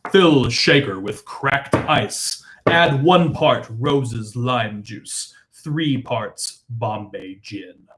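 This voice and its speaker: A man putting on a slow, deep, booming announcer voice to read out a cocktail recipe. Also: animated, noisy background. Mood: solemn. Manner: slow, low, measured recipe reading.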